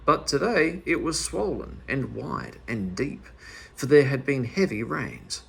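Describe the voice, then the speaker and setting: A man reading a children's story aloud in a lively, expressive manner. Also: on the high side, gravelly, husky.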